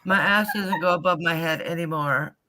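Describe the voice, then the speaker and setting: An older woman chatting casually, telling animated stories and acting out her own reactions with lots of exclamations. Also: lowish voice, moderate pace. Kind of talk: casual chat.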